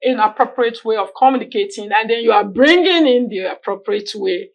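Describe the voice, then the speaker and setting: A middle-aged woman, a speech-language pathologist talking on a TV talk show, animated and often acting out examples with a laugh. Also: on the high side, fairly quick, gravelly, low-quality recording.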